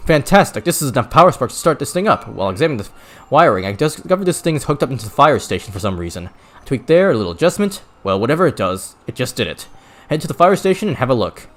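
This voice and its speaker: A man voicing a helpful little male gremlin tinkerer from a video game, with a put-on Brooklyn accent and a chatty, quick manner. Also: medium pitch, sing-song, a bit bright.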